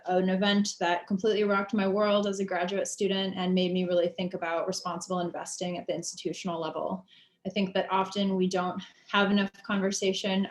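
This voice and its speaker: Heartfelt chatty woman on a video call, pretty flat delivery, roomy echo. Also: medium pitch. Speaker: board candidate. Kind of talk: casual virtual-event speech. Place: office at a campus cultural center. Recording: echoey room over video call.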